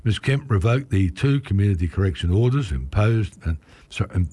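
A hoarse man reads the news aloud in a low, husky voice, steady and measured with the odd stumble. The sound is close and completely dry, with no room around it. He keeps clearing his croaky throat between sentences. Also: dry recording. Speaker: volunteer newspaper reader. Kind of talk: reading news articles aloud on radio.

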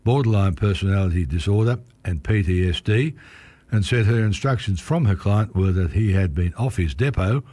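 A man with a hoarse, croaky voice, reading newspaper articles aloud on community radio in a steady, measured way. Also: lowish voice, no echo. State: hoarse, croaky, clearing his throat. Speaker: volunteer newspaper reader.

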